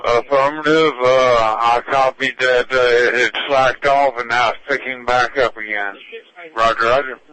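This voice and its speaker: A man runs an amateur radio station and works through his calls in brisk, routine radio procedure. His voice is bright and forceful. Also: mid-range voice, fairly even intonation, low-quality recording. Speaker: ham radio station operator.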